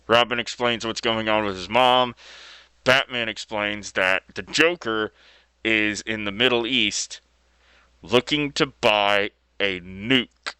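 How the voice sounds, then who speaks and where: A man's voice: lowish voice, bright, forceful tone, clean tone, no echo. A man casually retelling a story as video host, laid-back and loose with fillers and mild slang.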